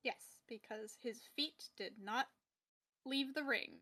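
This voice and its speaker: Bright, wry woman podcaster. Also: on the high side. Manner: quick, wry, laughs often, uses "like" a lot. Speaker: podcast co-host. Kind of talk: casual chat.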